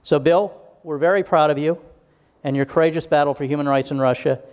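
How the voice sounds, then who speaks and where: A man introducing a guest speaker at a live public talk, measured and warm, with personal asides. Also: fairly high pitch, steady tone, clean tone. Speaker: event host introducing a speaker. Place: event hall.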